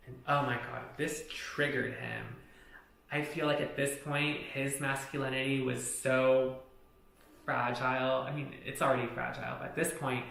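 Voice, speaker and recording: Young man with gravelly voice, echoey room. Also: medium pitch, a bit bright. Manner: blunt, profane, candid storytelling. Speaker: vlogger. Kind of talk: storytime vlog.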